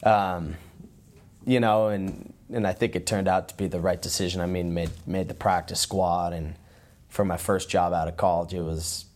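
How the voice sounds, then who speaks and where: A man, a former pro football player, telling relaxed, rambling stories as an interview guest, with frequent restarts. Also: sits low, normal speed. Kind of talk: casual interview storytelling.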